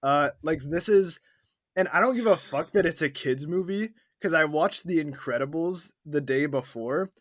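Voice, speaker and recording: A man's voice: fairly high pitch, moderate pace, a bit bright, dry recording, clean studio sound. A man co-hosting a podcast, ranting emphatically and with scorn, swearing as he goes. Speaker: podcast co-host. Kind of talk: casual movie review chat.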